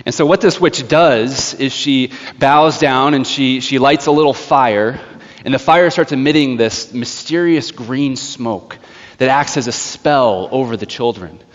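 A male pastor preaching a sermon, telling a story in an animated way. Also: medium pitch, measured pace. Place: church sanctuary. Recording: echoey church hall, slightly dull.

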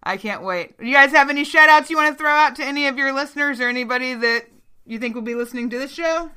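A woman hosting a podcast in casual chat, playful and quick to laugh. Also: high voice, bright, forceful tone. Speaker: podcast host.

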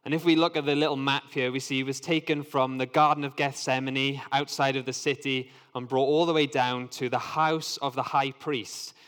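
An earnest man reads scripture and explains it into a microphone. His voice sits at a middling pitch and stays conversational. A long hall reverb carries every line. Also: flat delivery, moderate pace, few pauses, fairly bright tone. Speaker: Bible teacher. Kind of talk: Bible reading and teaching.

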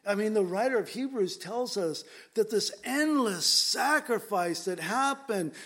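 A man with a slightly raised pitch delivers a conversational sermon. He speaks earnestly and emphatically to his listeners. He often repeats words as he drives a point home. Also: expressive, a little slow, a bit bright. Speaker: preacher.

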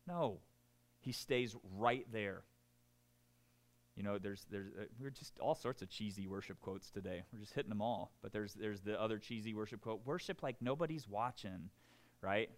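A man preaching a sermon, animated and joking, often checking in with the congregation. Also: medium pitch. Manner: animated and joking, keeps asking the room "right?".

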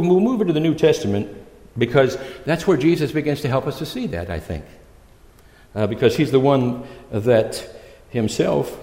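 A man giving a conversational sermon as a visiting preacher, pausing and restarting often as he talks. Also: medium pitch, a little mellow. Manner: conversational, halting, with many restarts. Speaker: guest preacher. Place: church. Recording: echoey church hall.

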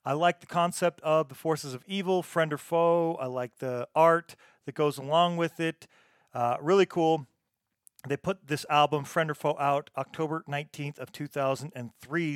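A man's voice: fairly high pitch, fairly even intonation, moderate pace, smooth, dry recording, clean studio sound. A man hosting a punk music podcast, introducing songs in an easygoing, chatty way with frequent "uh" fillers. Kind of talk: casual radio-show DJ talk.

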